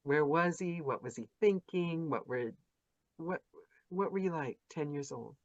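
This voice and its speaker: A woman's voice: deep voice, expressive, a little slow, dry recording. A woman hosting a casual interview over a video call, chatty and effusive, gushing and restarting her sentences. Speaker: podcast host interviewing narrators. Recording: dull lo-fi video call audio.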